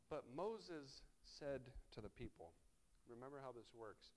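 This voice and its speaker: A man preaching a sermon in a conversational, wry way, often tossing in "right?" and swinging between soft, low reflection and loud, animated emphasis. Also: a little slow. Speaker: pastor.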